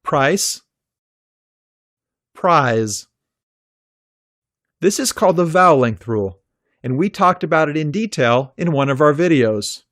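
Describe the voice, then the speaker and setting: A man teaching an English pronunciation lesson from a script, with a careful, clearly articulated delivery. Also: on the high side, lively intonation, brisk, fairly bright tone, no echo, clean studio sound.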